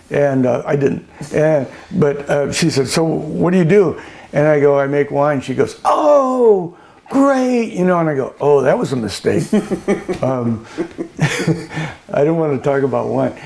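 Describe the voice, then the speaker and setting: An older man who owns a winery tells anecdotes in an oral history interview, his voice a little high and mellow with some vocal fry. He's chatty, laughs often, and acts out the voices of people he quotes.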